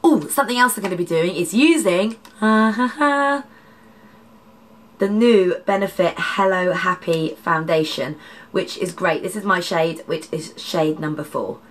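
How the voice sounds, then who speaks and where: Makeup lady doing a tutorial, stuffy nose, bit husky, lowish voice, chatty and rambly. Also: moderate pace. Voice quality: slightly husky, dodgy voice. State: congested, nasal from hay fever. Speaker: makeup artist.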